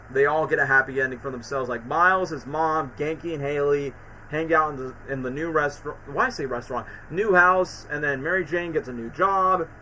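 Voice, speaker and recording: A man streaming casual commentary, excitable and acting out quoted lines as he recaps scenes. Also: a little high, slight background noise, low-quality recording.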